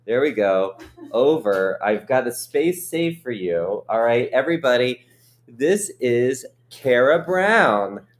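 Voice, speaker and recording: A man's voice: medium pitch, expressive, takes it slowly. Chatty man hosting a livestream. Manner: chatty, rambling, self-joking. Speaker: host. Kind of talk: casual livestream chat. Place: hotel suite.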